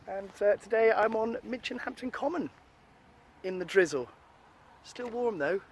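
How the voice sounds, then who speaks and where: A man's voice: sits high, expressive, unhurried, far from the mic. A man casually narrating his own camper van build in a wry, self-deprecating way. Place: in and around a camper van, partly outdoors.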